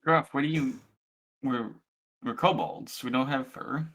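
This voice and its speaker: A man chatting as a player in a tabletop game, hesitant and halting. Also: mid-range voice, a bit bright. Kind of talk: casual in-character chat.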